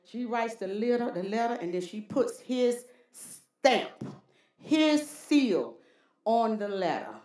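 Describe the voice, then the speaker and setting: A woman preacher delivers a folksy, call-and-response sermon in a high, lively voice that swoops up and down. She takes her time and lets her lines land slowly. The church hall around her is roomy and echoing.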